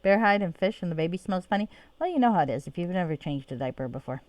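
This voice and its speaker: A woman's voice: on the low side, expressive, quick pace, darkish tone, no room sound. A woman streaming a video game, chatting casually and self-mockingly and swearing freely as she plays. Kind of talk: casual let's-play commentary. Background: game music.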